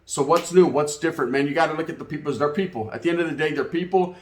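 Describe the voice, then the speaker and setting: A man's voice: a little high, racing, roomy sound. A man telling a casual story to his channel's viewers in profane, slangy street talk. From California. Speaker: YouTube channel host.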